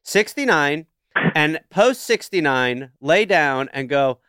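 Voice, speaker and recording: A man co-hosting a comedy advice podcast, playful and quick with jokes. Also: on the high side, animated, fairly bright tone, clear, resonant tone, no room sound, clean studio sound. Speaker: podcast co-host. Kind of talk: casual advice chat.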